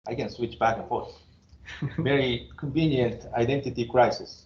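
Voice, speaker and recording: A man's voice: mid-range voice, slow pace, pauses often, a little mellow, a little hiss or hum. A man in his fifties from Japan, with a Japanese accent, giving a classroom lecture as an engineering professor in a blunt, joking way and chuckling between remarks. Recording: roomy, dull classroom recording.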